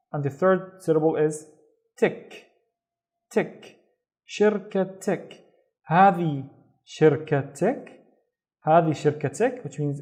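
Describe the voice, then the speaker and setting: A man teaching a beginners' reading lesson, patient, slowly repeating each syllable. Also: fairly high pitch, darkish tone. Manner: patient, slow repetition of syllables. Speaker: Arabic teacher.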